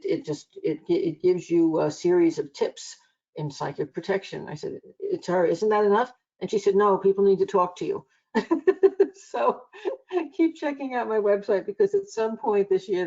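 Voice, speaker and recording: A woman's voice: on the low side, a little mellow, highs cut off. A woman hosting a live online psychic reading show, talking in a chatty, rambling way with many restarts. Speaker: psychic reader and show host.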